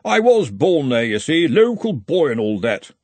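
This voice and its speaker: A smug, genteel rival wizard who sounds breezily pleased with himself, as a man voices him for a storybook. His voice sits high and lilts, and it has a slightly husky grain. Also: sing-song, moderate pace, no echo. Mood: smooth. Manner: blithe, genteel, self-satisfied. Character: smooth, cheerful, smug rival male wizard.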